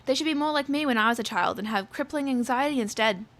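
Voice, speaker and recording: A woman's voice: high-pitched, quick pace. A young adult woman telling a storytime rant in a sarcastic, profane way. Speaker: vlogger.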